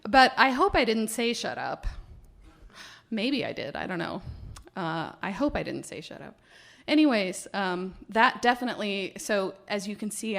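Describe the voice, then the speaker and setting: Woman, low voice, gravelly edge, animated live storytelling, laughs, fillers. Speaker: storyteller, biologist. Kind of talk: personal story told live on stage.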